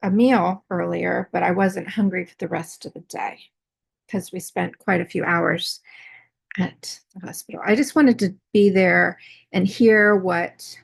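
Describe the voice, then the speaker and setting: A woman's voice: on the low side, fairly even intonation, a little slow, vocal fry, slightly rough, dry recording. A woman in her forties, out of breath, telling a personal story in a rambling way, full of fillers and restarts. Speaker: artist vlogger.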